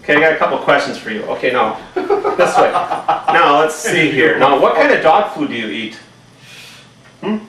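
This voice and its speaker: A man's voice: fairly high pitch, expressive, moderate pace, a bit bright. A man from Wisconsin hosting a casual interview at home, chatty and teasing. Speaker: host. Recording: echoey room, far from mic.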